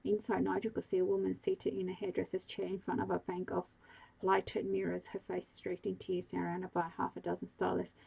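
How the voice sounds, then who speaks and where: A woman narrating a bedtime audiobook in a calm, even voice. The sound is husky and gravelly, and the melody stays flat throughout. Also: lowish voice, brisk, poor audio. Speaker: sleep story narrator.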